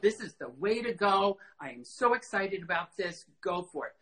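Bright-voiced man telling stories. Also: high-pitched, normal speed, slight background noise, poor audio. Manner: animated, acts out quoted dialogue, many fillers. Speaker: costume designer guest. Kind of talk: casual interview storytelling.

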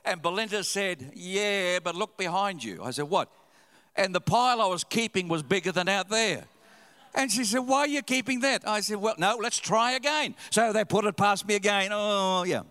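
A man preaches in a large church hall, his voice sitting a little high for a man. He tells stories with sudden loud, animated rises, and long reverb trails behind his words. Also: normal speed. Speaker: pastor. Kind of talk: sermon.

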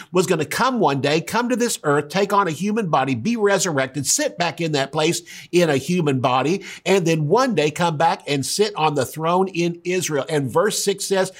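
Emphatic middle-aged male pastor preaching. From United States. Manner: emphatic preaching, rising high for acted quotes. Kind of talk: sermon.

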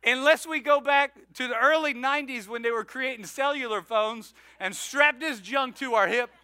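High-voiced, bright pastor preaching. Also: male voice, normal speed, clean tone, dry recording, studio quality. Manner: storytelling, animated, self-mocking, with laughs. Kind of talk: sermon. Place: church sanctuary.

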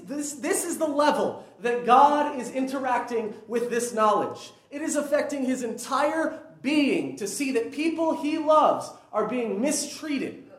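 A man's voice: extremely high pitch, reverberant. A young man preaching a conversational sermon that builds to emphatic peaks. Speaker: pastor.

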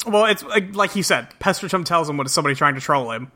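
A man's voice: on the high side, lively intonation, fast, sharp tone. A man co-hosting a podcast in casual chat, dry and laconic. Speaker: podcast co-host.

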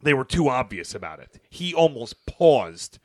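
A young man co-hosting a sports podcast, animated and talking over his co-host as he recaps games. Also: mid-range voice, a little slow, no echo. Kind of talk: casual sports chat.

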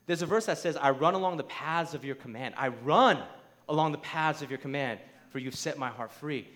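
A man with a high voice preaches a sermon. He talks conversationally, often checking in with his listeners, and drives his points home with rising, emphatic force. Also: brisk. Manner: emphatic, rising to near shouts; conversational, asks the crowd "right?".

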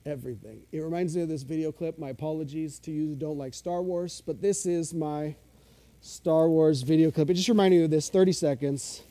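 A male pastor with a fairly high, mellow voice delivers a sermon in a relaxed, chatty way. He pokes fun at himself and gets eager when he explains the Greek words behind a verse. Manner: conversational, self-deprecating, explains Greek words with excitement.

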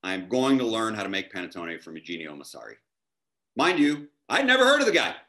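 Man, chef guest, bright tense voice, animated storyteller, casual chat. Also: lowish voice, a little fast. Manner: animated, acts out dialogue in his anecdotes.

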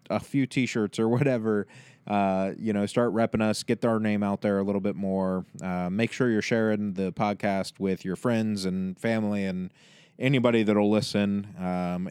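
A man's voice: fairly low pitch, darkish tone, clean tone, dry recording. A man hosting a podcast, wrapping up the episode in a loose, rambling way with plenty of fillers. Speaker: podcast host. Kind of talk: casual outro address to listeners.

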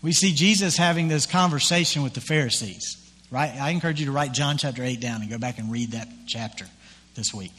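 A man preaching a sermon as pastor, retelling scripture in a conversational, animated way with acted-out quotes. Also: medium pitch, brisk, long reverb tail.

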